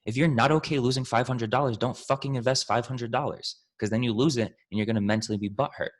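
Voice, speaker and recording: A man's voice: mid-range voice, fairly even intonation, fast talker. A man answering questions as a trading mentor, talking in a pumped-up, profane, coach-like way and calling his listeners family and team. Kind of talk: casual Q&A talk.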